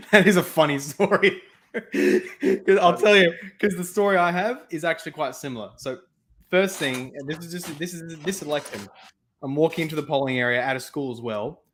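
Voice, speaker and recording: A man's voice: a little high, a little hiss or hum. A young man with an Australian accent, hosting a casual chat over a video call and telling stories with lots of laughter. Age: young adult. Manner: animated storytelling, laughs often, quick asides. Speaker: host.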